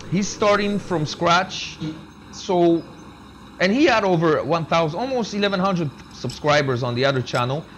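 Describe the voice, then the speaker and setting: A man's voice: high-pitched, fairly bright tone. Laid-back young man streaming a game. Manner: laid-back, says "man" and "bro" constantly, reads chat aloud. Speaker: gaming streamer. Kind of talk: casual live-stream chat while playing. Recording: game engine noise behind the voice.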